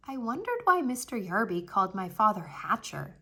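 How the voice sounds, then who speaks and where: A woman reading a children's chapter book aloud in an expressive storytelling way. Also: mid-range voice, normal speed, few pauses, breathy edge.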